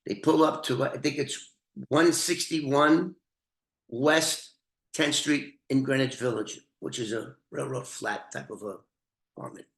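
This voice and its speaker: A man's voice: medium pitch, measured pace, vocal fry, fairly bright tone. An older man, a former informant, telling a true crime story in a profane, rambling, conversational way. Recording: roomy echoey room.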